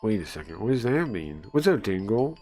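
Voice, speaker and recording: A man casually commenting while he plays and reads through a story game, chatty and easily excited, thinking aloud with many pauses. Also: on the low side, soft background music. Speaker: streamer playing and reading a story game. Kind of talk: casual live-stream commentary.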